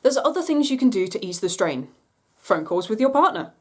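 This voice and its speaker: A woman's voice: mid-range voice, sing-song, a little fast, darkish tone. A woman hosting a cabaret, delivering scripted comic narration with a playful touch. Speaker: cabaret host.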